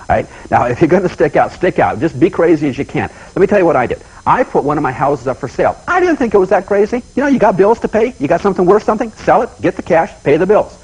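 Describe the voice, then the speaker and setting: A man giving a motivational seminar talk, telling folksy personal stories in an animated way and often repeating himself. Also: a little high, quick pace, hardly any pauses, breathy edge, low-quality recording. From United States. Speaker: seminar speaker.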